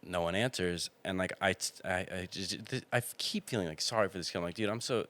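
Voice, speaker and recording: A man's voice: low-pitched, fast, bright, forceful tone. A young man on a podcast telling a story in casual chat, rambling with restarts and acting out what people said. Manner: rambling, restarts, acts out quotes.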